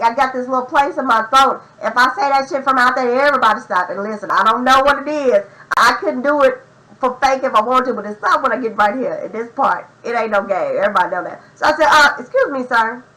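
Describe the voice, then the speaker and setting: A young adult woman telling a profane, slang-heavy story in an animated, casual storytime vlog. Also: sits high, fast talker, rough recording. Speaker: vlogger.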